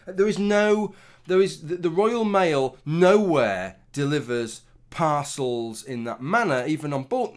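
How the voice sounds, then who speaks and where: A middle-aged man giving a casual, rambling opinion commentary, swearing often and restarting his sentences. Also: on the high side. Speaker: commentary vlogger.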